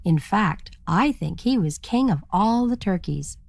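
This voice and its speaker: A woman storyteller narrating a children's story in an animated, expressive manner. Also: medium pitch, measured pace, creaky, no room sound.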